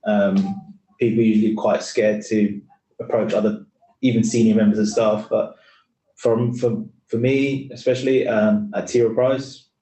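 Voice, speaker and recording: A man's voice: lowish voice, dark tone. A man, speaking on a careers panel in an earnest, rambling way full of restarts, heard over a video call. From East London, England. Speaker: finance employee, panel speaker. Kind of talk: casual panel talk. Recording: roomy, distant sound.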